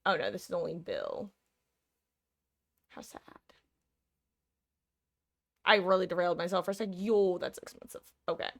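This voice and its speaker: A woman's voice: fairly low pitch, sing-song, moderate pace, vocal fry, pauses often. A woman streaming live, chatting casually with her viewers in a rambling, self-interrupting way and laughing often.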